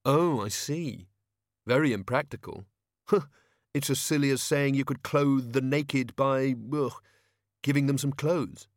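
A man's voice: medium pitch, a little slow, no room sound, studio quality, voice pushed up, close to an everyday voice. A man voicing a queasy, flustered male god of hangovers who gabbles and splutters.

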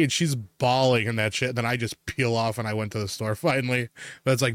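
A man's voice: medium pitch, fairly even intonation, normal speed, a bit bright, dry recording, clean studio sound. A man from Wisconsin co-hosting a casual podcast, telling a road story in a profane, ranting way. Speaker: podcast co-host. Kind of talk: casual chat.

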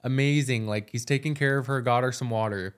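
A young man chatting loosely as a podcast co-host, his voice at an ordinary middle pitch. He keeps telling stories and drops in "like" every few words. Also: fairly quick, clean tone. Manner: storytelling, fillers of "like" throughout. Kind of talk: casual chat.

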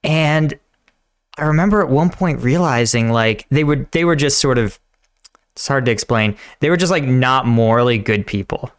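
A man's voice: mid-range voice, lively intonation, moderate pace, clean tone. A man hosting a casual podcast chat, talking in a rambling, hesitant way. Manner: rambling, hesitant, many fillers. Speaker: host, combat veteran.

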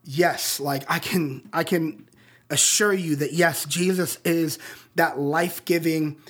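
A man's voice: on the high side, steady tone, takes it slowly. A young adult man preaching a sermon in a casual, slangy way, with plenty of rhetorical questions. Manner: casual slangy preaching, acts out movie dialogue. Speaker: pastor.

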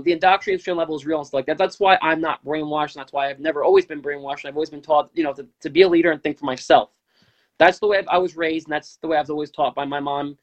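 Young male host in his twenties, rapid rambling monologue, slightly high voice, filler-heavy, dull lo-fi stream audio. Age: 20s. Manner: rambling, with many fillers and restarts. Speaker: political talk show host. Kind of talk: casual live-stream commentary.

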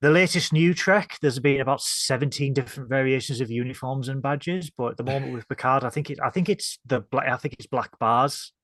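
A chatty man with a northern English accent talks through a show recap. He jumps into sudden bright jokey asides. His voice sits at a medium pitch, recorded close and dry with no room sound. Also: brisk, few pauses, no echo. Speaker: podcast co-host. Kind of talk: casual review chat.

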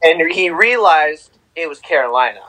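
A young man co-hosting a casual sports podcast, excitable and repeating words for emphasis. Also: a little high, normal speed, poor audio. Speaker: podcast co-host.

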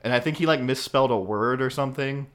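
A man's voice: medium pitch, quick pace, fairly bright tone. A man co-hosting a podcast, recapping a film in an easygoing way and chuckling often. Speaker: podcast co-host. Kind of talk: casual podcast chat.

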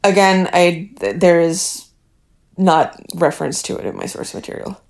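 A woman's voice: on the low side, moderate pace, vocal fry, darkish tone. A woman co-hosting a podcast, chatting casually about a TV episode with dry, blunt remarks and casual swearing. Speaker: podcast co-host. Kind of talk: casual chat recapping a TV show.

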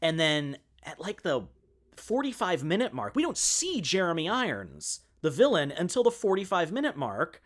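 A man's voice: fairly high pitch, huge pitch swings, normal speed, a bit bright. A man co-hosting a podcast, chatting casually about a film with plenty of "like" and fillers. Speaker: podcast co-host. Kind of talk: casual movie discussion.

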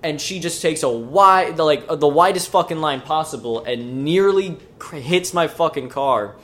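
Chatting casually on a podcast he co-hosts, a man with a higher voice and moderate pace spins an animated story. He acts out the characters' voices and swears freely along the way.

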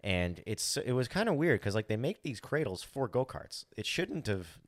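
A man's voice: mid-range voice, sing-song, moderate pace, no echo, clean studio sound. A man co-hosting a podcast, telling a story in casual chat. He talks animatedly, acts out his own thoughts, swears freely and fills with "like". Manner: frequent "like" fillers. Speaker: podcast co-host.

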